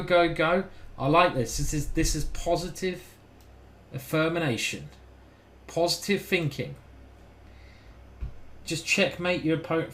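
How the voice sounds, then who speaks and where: A man's voice: on the high side, a bit bright, a little hiss or hum. A man giving casual live-stream chess commentary, thinking aloud and chatting with his viewers. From United Kingdom.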